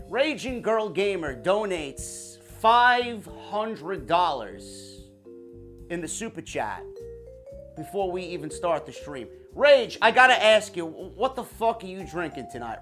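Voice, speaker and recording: A man from New York hosting a livestream wrestling podcast from his home basement, hyped and profane, tagging "man" onto almost every line. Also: sits high. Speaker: wrestling show reviewer and host.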